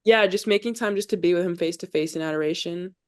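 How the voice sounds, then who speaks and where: With a lowish, slightly mellow voice and a quick pace, a young adult woman speaks as a podcast guest. The college volleyball player is earnest about her faith in this casual talk, and "like" comes up constantly.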